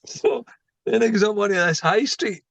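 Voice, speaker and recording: A man's voice: high voice, brisk, gravelly, dry recording. A middle-aged man with a Scottish accent, a lorry driver telling a story in casual chat, acting out the people in it. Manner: animated anecdote-telling, voicing people in his story.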